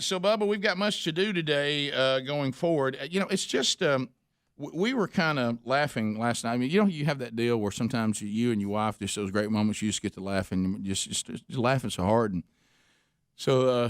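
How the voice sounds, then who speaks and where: A middle-aged man hosts a morning radio show, spinning a story in an easygoing, rambling way full of restarts and side remarks. His voice sits at an ordinary pitch and comes through a studio microphone with a dry, close sound. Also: clear, resonant tone, no echo. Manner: rambling, with many restarts and asides.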